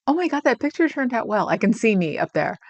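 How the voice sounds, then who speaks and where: A woman's voice: a little high, very animated, fast, no room sound, highs cut off. A woman hosting a livestream, chatting casually and rambling with viewers, getting emotional about her pets. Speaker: livestream host.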